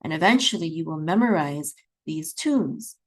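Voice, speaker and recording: A woman's voice: low-pitched, animated. A woman teaching beginners to read Hebrew, patiently sounding out words and checking in often. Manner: patient, repeats words slowly, chants trope melodies; frequent checking "okay?" with fillers. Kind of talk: beginner lesson, slow patient explanation.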